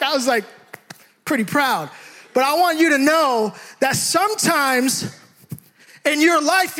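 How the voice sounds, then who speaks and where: A young man from the Bay Area preaching a sermon, telling a lively personal story with shouts and laughter. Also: very high-pitched. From San Francisco Bay Area.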